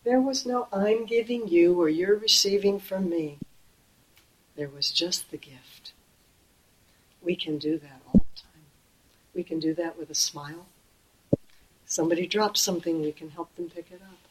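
A middle-aged woman giving a Buddhist dharma talk in a gentle, conversational way, slowing and softening on key phrases. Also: lowish voice, poor audio. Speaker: Buddhist teacher.

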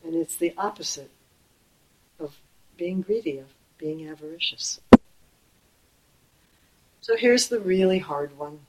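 A middle-aged woman giving a Buddhist dharma talk in a gentle, conversational way, slowing and softening on key phrases. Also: lowish voice, slight background noise, rough recording. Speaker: Buddhist teacher.

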